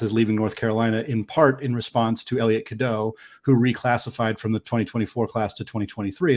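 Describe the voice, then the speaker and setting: A man with a mid-range voice co-hosts a casual sports podcast. He speaks in a measured, analytical way and often pauses to restart a thought. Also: medium pitch, darkish tone. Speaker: podcast co-host.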